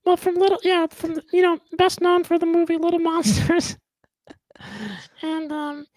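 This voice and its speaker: A man putting on the high, throaty voice of a cartoon little boy, rambling and repeating his words. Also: completely flat delivery, normal speed, no room sound, rough recording. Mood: chatty. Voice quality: throaty, strained. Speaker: host.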